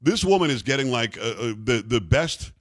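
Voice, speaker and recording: A man's voice: mid-range voice, lively intonation, moderate pace, no echo. A man hosting a talk radio show, joking and teasing his co-host in casual banter.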